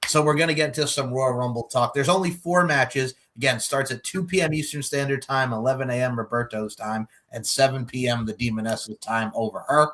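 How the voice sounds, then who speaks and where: A man's voice: mid-range voice, fairly quick, hardly any pauses, a bit bright. A man hosting a casual podcast chat, joking and swearing freely as he runs the show. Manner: profane, joking, breaks into mock voices. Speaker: podcast host.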